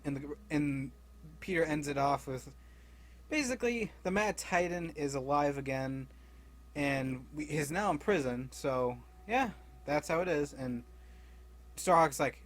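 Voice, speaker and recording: A man's voice: mid-range voice, moderate pace. A young man casually recapping a comic series, rambling with frequent laughs and loosely acting out the characters' lines. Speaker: comic book recap creator.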